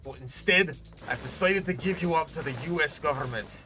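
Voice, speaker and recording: A man's voice: fairly high pitch, fairly quick, pushed and bright, faint music behind. Man doing a Scottish Viking chief dad. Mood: mock solemn.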